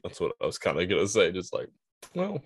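A man's voice: deep voice, huge pitch swings, fairly quick, a little hiss or hum. A man co-hosting a casual podcast chat who laughs along and adds short replies. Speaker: podcast co-host.

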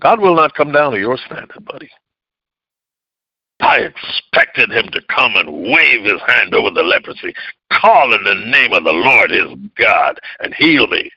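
A man preaching a sermon emphatically, swinging from loud outbursts to low, hushed lines. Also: sing-song, unhurried, creaky, breathy edge, dry recording, dull audio.

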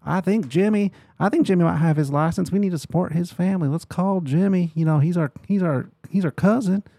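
A man's voice: high-pitched, brisk, vocal fry, dark tone, no room sound, voice pushed up. A gossipy relative pushing the family to call up a cousin for business, as a man puts him on. He talks in a raised, singsong mock accent, in a dry, close recording.

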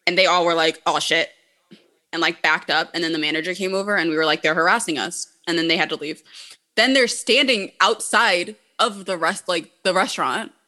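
Woman, co-host, bright tone, casual chat, blunt, profane. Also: on the low side, a little fast. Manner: blunt and profane, heavy use of "like".

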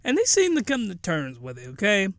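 A man hosting a podcast, giving a comedic recap of a cartoon episode in animated slang and breaking into excited shouts. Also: high-pitched, a little fast, no echo. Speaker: podcast host.

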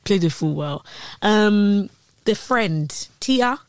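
A woman guest on a podcast, chatting in a lively, opinionated way with slang. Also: medium pitch, slow pace, dry recording. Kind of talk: casual chat.

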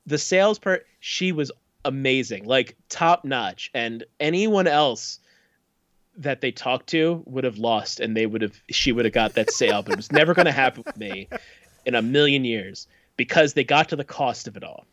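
A man telling a casual story in an animated way, laughing often and mimicking the people he quotes. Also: medium pitch, moderate pace, no room sound, dull audio. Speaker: storyteller on a chat podcast.

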